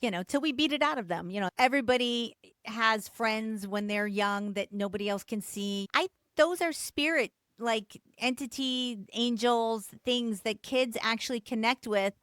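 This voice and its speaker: Smooth-voiced woman podcast host. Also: a little high, normal speed, hardly any pauses, dry recording, clean studio sound. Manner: relaxed, chatty, fills with "like" and "man". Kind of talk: casual chat.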